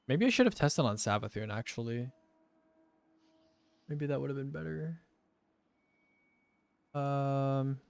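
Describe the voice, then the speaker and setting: A young male streamer with a gravelly, creaky edge that still comes through smooth and clean. He talks slowly and loosely, thinking out loud over numbers and dropping the odd swear word. The sound is dry and close, with no room around it. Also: medium pitch, lively intonation, no room sound. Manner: thinks aloud, swears casually, mutters through sums. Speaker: gaming streamer. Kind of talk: casual game commentary while testing.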